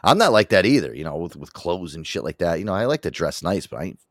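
A man's voice: deep voice, quick pace, no echo, studio quality. A man with a New York accent hosting a casual podcast chat, swearing freely and laughing often. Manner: profane, animated, laughs often. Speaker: podcast host.

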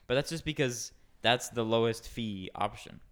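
A man with a smooth, clear voice hosts a casual podcast with friends. He moves through the topics with a wry touch. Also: mid-range voice, moderate pace, a bit bright. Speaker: podcast host.

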